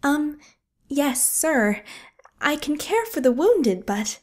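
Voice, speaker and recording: A woman's voice: high voice, very animated, takes it slowly, voice pushed up, heavily acted. A woman voicing a young nurse in a war hospital, who speaks in pleading, faltering bursts. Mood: flustered. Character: young field nurse woman, shaken and desperate.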